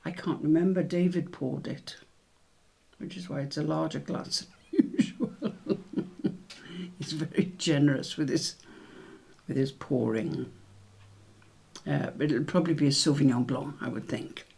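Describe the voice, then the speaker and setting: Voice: mid-range voice, steady tone, unhurried, vocal fry, long pauses, a little mellow, husky. A quiz host who chats casually from home and laughs often between the scores and questions. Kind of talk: casual online quiz hosting.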